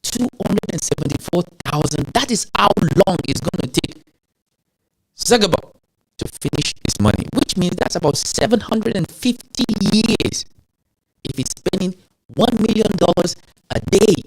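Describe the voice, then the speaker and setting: A man with an African accent hosting a show, talking to his audience in an animated rant full of rhetorical questions. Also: high-pitched, unhurried, long pauses. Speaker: show host. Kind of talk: animated ranting commentary.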